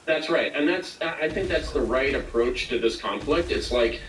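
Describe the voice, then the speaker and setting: A man's voice: medium pitch, expressive, moderate pace, fairly bright tone, roomy sound, recorded from a distance, slight background noise, rough recording. A man speaking as an interview guest, rambling with many fillers and acting out quotes. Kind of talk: casual interview talk.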